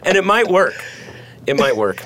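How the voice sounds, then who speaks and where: A man's voice: high voice, big pitch swings, normal speed, bright, forceful tone, a little hiss or hum. A man co-hosting a podcast in casual chat from a studio, rambling through jokey stories and laughing often. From United States. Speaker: podcast co-host.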